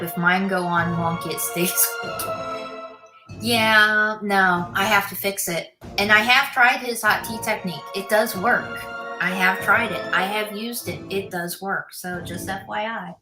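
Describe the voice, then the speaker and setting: A woman's voice: medium pitch, unhurried. Chatty woman livestreaming over music. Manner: chatty, answers viewer comments aloud; mutters to herself while building. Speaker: livestreamer building a set. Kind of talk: casual livestream chat. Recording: music playing under the voice.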